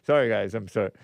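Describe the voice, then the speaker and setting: A man's voice: on the low side, creaky, no room sound. Joking man hosting a call-in show. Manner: joking, chuckles while talking. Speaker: talk show host. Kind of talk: casual call-in show chat, reading viewer messages aloud.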